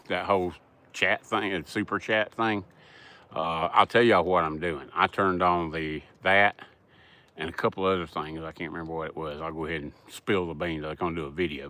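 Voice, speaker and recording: A man's voice: deep voice, pushed and bright, dry recording. A middle-aged man with a Southern US accent, hosting a casual livestream and rambling in a folksy way as he answers chat. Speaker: livestream host.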